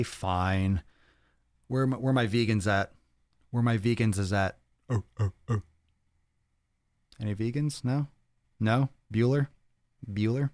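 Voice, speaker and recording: A man's voice: lowish voice, darkish tone, no echo, studio quality. A man in his thirties hosting a casual live-stream Q&A, answering chat comments in a blunt, profane, joking way. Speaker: podcast host answering viewer questions.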